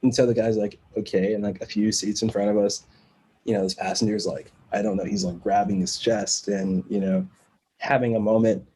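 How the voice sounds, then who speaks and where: A man guesting on a podcast, telling a long story in a casual, animated way and acting out the other people in it. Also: lowish voice, fairly quick, husky, low-quality recording. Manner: animated storyteller who acts out quoted voices and laughs between lines.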